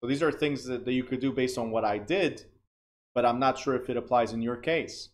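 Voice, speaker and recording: A man's voice: medium pitch, fairly quick. A man teaching a real estate class in a plain, direct way, often checking that students understand.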